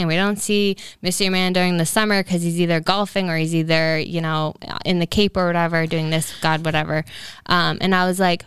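A woman's voice: fairly low pitch, steady tone, a little fast, smooth, no echo, clean studio sound. A young woman in her twenties telling a rambling personal story on a casual podcast, filling it with "like" and "um". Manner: rambling storyteller, heavy use of "like". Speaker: podcast co-host. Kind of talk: casual chat.

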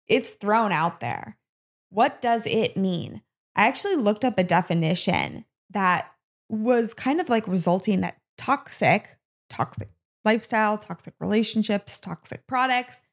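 A woman from the US Midwest with a Midwestern American accent, hosting a solo podcast in a chatty, playful way and talking straight to her listeners. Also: mid-range voice. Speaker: podcast host. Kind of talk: casual solo podcast talk.

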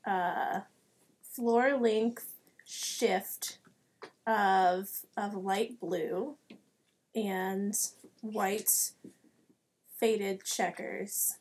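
A woman playing a tabletop game, describing her character's actions slowly and hesitantly with a deadpan tone. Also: mid-range voice, breathy edge. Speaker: player.

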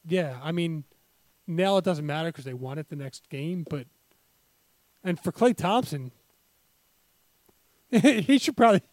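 A high-voiced man talks sports on a podcast, animated and profane, often acting out people in loud bursts. The sound is dry and close, with no room around him. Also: takes it slowly, long pauses, no room sound. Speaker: podcast co-host. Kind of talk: casual sports chat.

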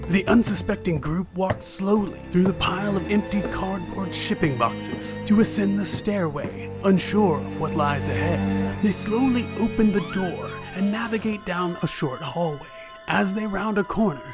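A man's voice: high-pitched, music in the background. A man co-hosting a board game podcast, narrating a skit and then chatting playfully. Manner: measured storytelling, playful banter. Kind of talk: dramatic narration and casual chat.

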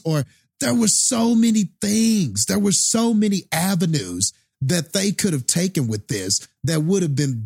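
A man with a fairly high, husky voice rants slowly about a movie, drawing out his words and repeating points for emphasis. His pitch rises and falls widely with feeling. The recording is dry and close. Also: darkish tone, no echo. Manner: passionate, ranting about wasted potential. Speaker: movie discussion co-host. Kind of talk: casual chat.

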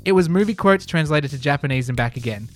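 A man's voice: fairly high pitch, expressive, fast talker, soft background music. A man hosting a podcast, reading out accusations in a mock-solemn, teasing way. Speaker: podcast host. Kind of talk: mock-formal quiz hosting.

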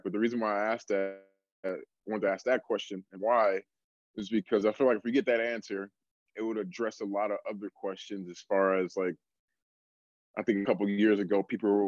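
A young adult man, a strength coach, telling stories in a relaxed casual way, full of fillers. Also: fairly low pitch, dry recording, muffled recording. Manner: relaxed storytelling, many fillers like "like". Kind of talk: casual podcast conversation.

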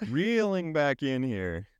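Easygoing male podcast co-host, lively pitch. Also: drawn-out words, smooth, dry recording, dull audio. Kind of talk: casual chat.

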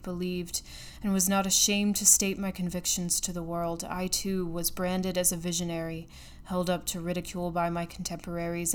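A woman reading an audiobook, voicing a bitter old male recluse scientist who speaks quietly and gravely. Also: on the low side, natural voice.

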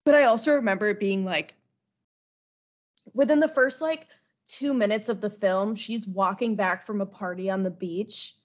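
A young woman tells stories on a podcast, lively and sometimes rushing through the details. Her pitch is mid-range. The recording is a little muffled and lo-fi. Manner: lively retelling, bursts of speed. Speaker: podcast co-host. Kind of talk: casual chat. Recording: slightly dull lo-fi podcast audio.

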